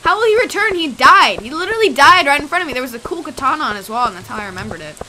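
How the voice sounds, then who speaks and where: A woman's voice: high voice, sing-song, very fast, bright, forceful tone, a little hiss or hum. A young woman giving goofy, chatty let's play commentary, full of exclamations. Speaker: gamer.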